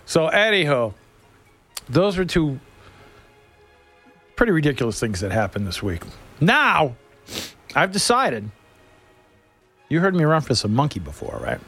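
A man's voice: a little high, huge pitch swings, measured pace, long pauses, a bit bright, husky, soft background music. A man hosting a show, telling loose, crude, joking stories in a casual monologue. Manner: loose storytelling, crude humor. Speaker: radio host.

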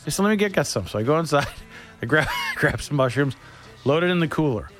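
A man hosts a radio show, telling a loose, comic story in a casual, chatty way. His voice sits a little high and swings up and down with lively energy. Faint music plays quietly behind him. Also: brisk. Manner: animated, laughing, jokey storyteller.

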